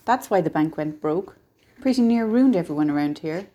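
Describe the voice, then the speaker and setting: A woman's voice: lowish voice, expressive, moderate pace, dark tone, lo-fi sound. A woman voicing a talkative, folksy older male real estate agent in a small town.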